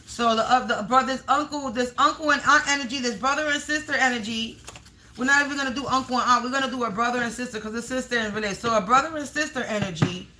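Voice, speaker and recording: A woman's voice: a little high, fast talker, pushed and bright, a little hiss or hum. A woman giving a spiritual reading to camera, speaking in emphatic, repetitive warnings with frequent swearing. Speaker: tarot and energy reader.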